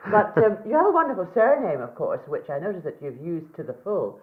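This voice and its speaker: A woman's voice: on the low side, big pitch swings, a little fast, phone-quality sound. Woman radio host asking laughing questions. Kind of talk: radio interview.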